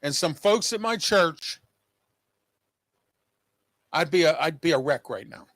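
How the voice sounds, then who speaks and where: Animated and unhurried, the host speaks in a high-leaning, slightly bright voice during a personal monologue to his viewers. He is agitated and emphatic, repeats himself, and the studio recording is clean and echo-free.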